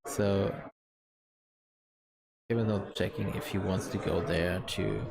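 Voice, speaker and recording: A man giving casual commentary on a tabletop wargame match, talking in a loose, halting way at a busy convention. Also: sits low, steady tone, gravelly, crowd noise. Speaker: tournament commentator. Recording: loud music behind.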